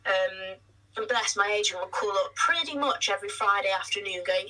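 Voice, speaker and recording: A chatty woman with a husky, bright edge to her voice, telling stories in a relaxed interview. She talks with quick self-deprecating asides, sitting a little back from the mic. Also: mid-range voice, distant mic, low-quality recording. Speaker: musical theatre actress, guest. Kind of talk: casual interview chat.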